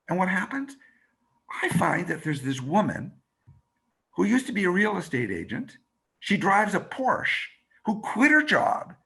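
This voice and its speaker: A man, a radio reporter and documentary maker, teaching a workshop by telling a fast, expressive story and acting out the quotes, over a video call. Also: high-pitched, creaky, slightly rough. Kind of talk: animated storytelling lesson.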